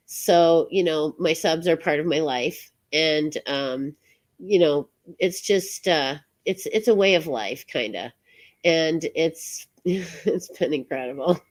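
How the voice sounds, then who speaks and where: Lady host rambling her sign-off, slow and kinda low, lots of ums and giggles. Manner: halting, many fillers, laughs often. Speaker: show host. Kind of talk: casual live-stream sign-off chat.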